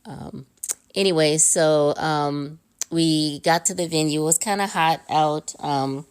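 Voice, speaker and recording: A woman's voice: low-pitched, takes it slowly, clean tone. A woman recording a casual voice-memo recap for a podcast, rambling along with many ums and uhs. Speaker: fan sending in a recorded story.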